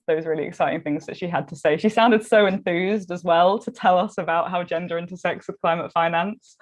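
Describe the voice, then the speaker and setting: A woman hosting a live online panel over a video call, asking long rambling questions with many fillers. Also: lowish voice. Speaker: host and moderator.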